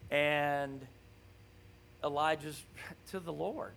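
A man preaching a conversational sermon in a church, animated and often checking in with his listeners. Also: sits high, measured pace, vocal fry, a little hiss or hum. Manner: animated, keeps asking "right?".

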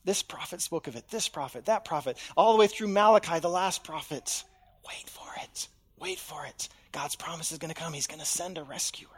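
A pastor delivers a sermon in a fairly high voice. He shifts often from near-whispers to loud, animated bursts and plays out the voices he quotes. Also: brisk, hardly any pauses, breathy edge. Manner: dramatic, swings from hushed to loud, acts out voices in quotes.

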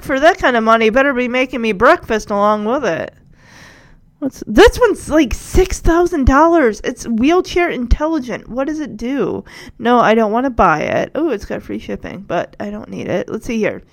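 A woman's voice: on the high side, a bit bright. A woman chatting casually as she recaps and reacts to a television show, laughing often as she goes.

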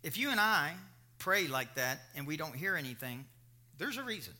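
Middle-aged male preacher, high ringing voice, animated sermon with stories. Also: moderate pace. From Kentucky. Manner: animated preaching with storytelling asides. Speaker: pastor.

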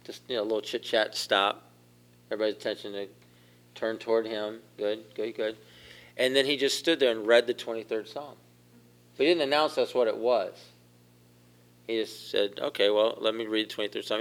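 A man's voice: medium pitch, fairly even intonation, brisk, pauses often. A man preaching a conversational sermon, asking the congregation questions as he goes. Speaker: pastor.

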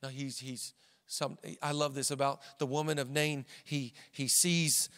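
A man's voice: medium pitch, level tone, unhurried, a bit bright, smooth, big-room sound. A man pastor preaching a sermon with an emphatic, repetitive cadence.

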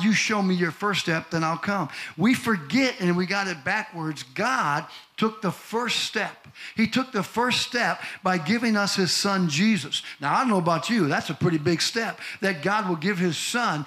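A middle-aged male pastor delivering a sermon in a high, bright voice. He tells folksy stories, throws questions to the congregation and pushes up into shouted emphasis on key phrases. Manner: rising to shouted, preaching emphasis.

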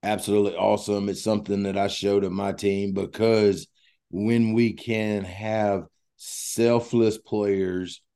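A coaching podcast host with a fairly low voice. His tone is mellow and warm. He talks in an encouraging way and often answers with short affirmations. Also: little pitch movement, unhurried, smooth. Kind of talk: interview chat.

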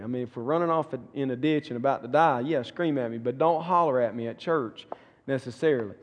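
A middle-aged man with a Southern US accent, a pastor teaching a church class in a folksy, earnest way that repeats words and restarts. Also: mid-range voice. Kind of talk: conversational teaching talk. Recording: long reverberant room echo.

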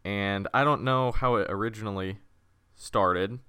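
A man's voice: fairly low pitch, measured pace, bright, forceful tone, clear, resonant tone, no room sound. A young man co-hosting a casual sports podcast, teasing his partner and steering the segments along. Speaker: podcast co-host.

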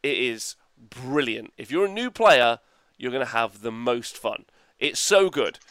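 A man's voice: medium pitch, very animated, unhurried, a bit bright, smooth, dry recording. A man co-hosting a podcast in casual chat, enthusiastic and rambling, laughing often and swearing casually. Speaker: podcast co-host.

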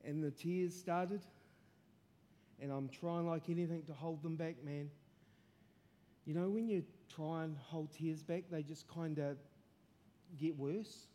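A man preaching a testimony sermon, telling his story earnestly and building to impassioned shouting. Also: a little high, takes it slowly, long pauses.

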